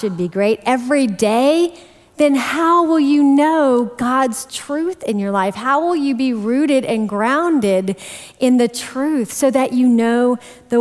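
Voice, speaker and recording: A woman preaching a sermon to her congregation, chatty, animated and self-deprecating. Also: high voice. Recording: long hall reverb.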